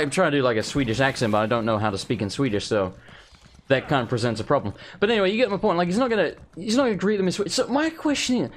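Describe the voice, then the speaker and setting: A man's voice: medium pitch, a little hiss or hum. A young man doing casual gameplay commentary, rambling and exasperated as he talks to himself. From England. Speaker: let's play host.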